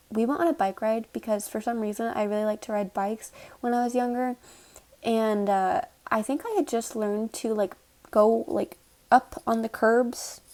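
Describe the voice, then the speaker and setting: A young woman talks straight to her phone in a casual storytime vlog, her voice sitting a little on the high side. She tells it with dry sarcasm and drops curse words freely. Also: a little mellow. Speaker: vlogger.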